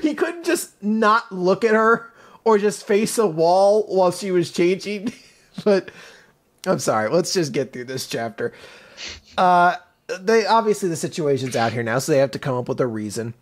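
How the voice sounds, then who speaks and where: Male podcast host, high voice, animated casual recap, laughs a lot, swears freely. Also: normal speed. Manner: animated, laughs often while retelling. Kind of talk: casual manga recap chat.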